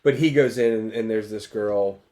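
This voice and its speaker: A man's voice: on the low side, moderate pace, mellow. Laid-back man in casual podcast chat. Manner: laid-back, retells scenes with quoted lines. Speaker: podcast co-host.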